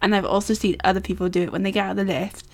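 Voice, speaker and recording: A woman with a mid-range voice co-hosting a faith podcast. She tells a story in a relaxed, chatty way, leaning on "like" and "kind of" as she goes. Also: medium pitch, racing. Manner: casual storytelling, lots of "like" and "kind of". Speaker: podcast co-host.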